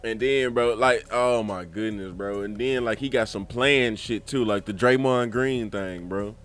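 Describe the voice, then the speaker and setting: A man's voice: on the low side, a little slow. A man hosting a podcast in casual, profane chat, acting out quotes with gusto. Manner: animated, profane, quotes clips with relish. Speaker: podcast host.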